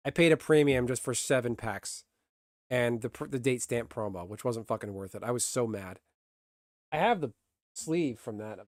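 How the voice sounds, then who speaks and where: A man's voice: medium pitch, dry recording. Guy streaming live, blunt and grumpy, swears a lot, mid voice, dry close sound. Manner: blunt, swears freely, grumbling. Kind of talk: casual live-stream chat.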